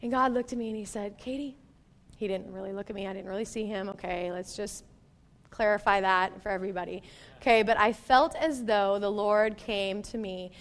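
A middle-aged woman pastor giving a sermon in a conversational, animated way, with laughs and playful asides. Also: medium pitch, brisk, big-room sound.

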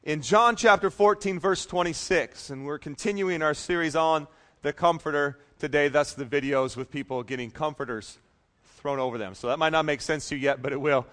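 A man's voice: fairly high pitch, moderate pace, fairly bright tone. A male pastor preaching a sermon, reading scripture emphatically and adding casual, joking asides.

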